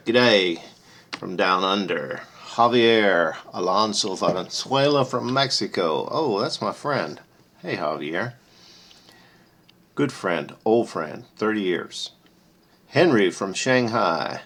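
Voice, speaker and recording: A man hosting his electronics channel, casually reading out visitor messages and reacting with amused, brief remarks in a husky voice. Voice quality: gravelly, husky low voice. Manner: relaxed, amused, reads names aloud and reacts briefly.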